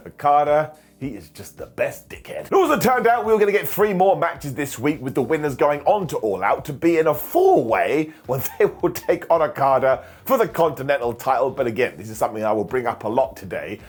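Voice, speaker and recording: Guy doing a wrestling review, husky voice, bouncy lively delivery. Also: a little high, fairly quick. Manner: excitable, jokey, swings between loud and quiet asides. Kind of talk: enthusiastic review monologue.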